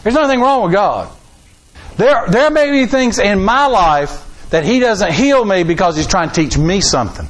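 A middle-aged man, preaching a sermon in a folksy, animated way with rising emphasis. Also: high voice, moderate pace, rough recording. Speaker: pastor.

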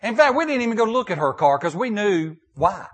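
An older male pastor preaching with a folksy, storytelling manner. His voice sits high for a man and leaps up and down with lively swings. He repeats and restarts phrases as he talks. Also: brisk. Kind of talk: sermon with storytelling.

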